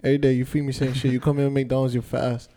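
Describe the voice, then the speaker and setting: A man's voice: mid-range voice, level tone, fast talker, warm tone, a little hiss or hum, natural voice. A man voicing his pet dog as a pushy, complaining male dog. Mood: nagging. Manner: nagging, complaining.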